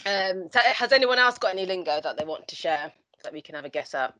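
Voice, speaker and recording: A female host leads a relaxed chat, laughing easily and prompting her guests with encouraging questions. Her pitch moves in a lively way, and the sound is dry and close. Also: fast, no echo. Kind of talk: casual chat.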